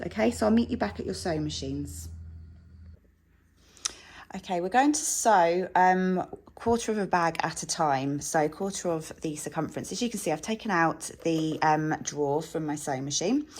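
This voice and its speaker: A woman's voice: fairly low pitch, a little mellow, slight background noise. A woman teaching a sewing tutorial from her home sewing room, chatty and reassuring as she works. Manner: chatty, reassuring, self-deprecating asides. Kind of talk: relaxed tutorial talk while working.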